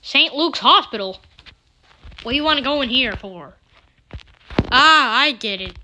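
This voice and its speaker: A woman giving playful gameplay commentary, excitable, with sudden squealing exclamations. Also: high voice, unhurried, low-quality recording.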